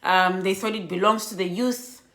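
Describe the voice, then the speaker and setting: A woman telling an emotional storytime vlog, sounding worn out and animated by turns. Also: mid-range voice, moderate pace. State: exhausted. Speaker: vlogger. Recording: echoey room.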